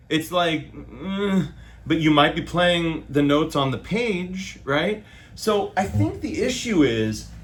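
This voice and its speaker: Laid-back male bassist ranting to camera; slangy, profane, pitch jumping around, sits a bit high. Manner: animated and loose, with slang and swearing. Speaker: bass player. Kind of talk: casual opinion monologue to camera.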